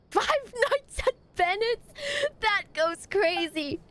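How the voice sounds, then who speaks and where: A woman streaming a game live, reacting excitably and breaking into shrieks and laughter. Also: extremely high pitch, drawn-out words, a little hiss or hum. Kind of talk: live gameplay stream commentary. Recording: game music playing behind. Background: game soundtrack.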